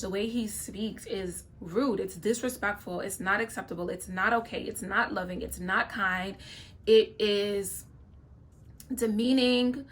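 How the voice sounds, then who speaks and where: Speaking at medium pitch with a fairly bright tone, a young woman hosts a reality-show reaction video. Her commentary is casual and full of opinions, aimed right at viewers, punctuated by frequent "okay?" asides.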